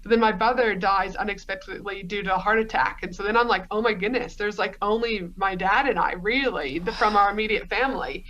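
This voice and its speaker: A woman's voice: medium pitch, brisk, few pauses, fairly bright tone, muffled recording, a little hiss or hum. A woman from Australia, a podcast guest telling her story in a rambling, chatty way. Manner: rambling, storytelling, frequent fillers. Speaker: podcast guest, business coach. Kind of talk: conversational interview.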